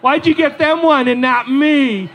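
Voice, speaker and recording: A man's voice: extremely high pitch, a little slow, creaky, lo-fi sound, pitched above the performer's own voice, heavily acted. A man voicing his eight-year-old son as a whiny, overdramatic boy in a stand-up story. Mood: wounded.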